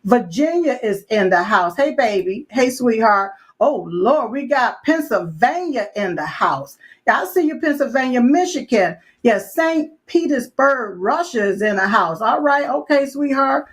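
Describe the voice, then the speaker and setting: A woman's voice: a little high, expressive, measured pace, breathy edge. Sassy woman hosting a live show. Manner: sassy, folksy, full of call-outs and asides. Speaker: show host. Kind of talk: live-stream chat show.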